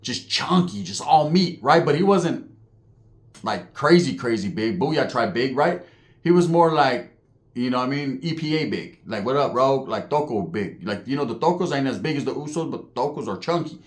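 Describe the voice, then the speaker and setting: A man telling prison stories in a casual monologue, animated and profane, heavy on street slang, acting out the people he describes. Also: mid-range voice, normal speed. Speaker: storyteller recounting prison life.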